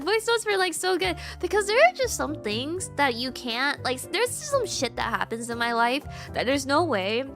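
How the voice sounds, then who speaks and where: Female streamer, casual chat, higher voice with big pitch swings, filler-heavy rambling delivery. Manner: expressive, swings between giggly highs and low mumbles. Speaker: VTuber streamer.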